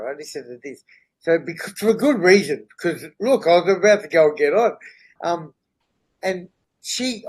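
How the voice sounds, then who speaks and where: A man's voice: fairly high pitch, a little mellow, poor audio. A middle-aged man, a podcast guest, candidly telling his own story in an earnest way and checking in with the listener as he goes. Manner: earnest, checks in with "right?" and "you know?".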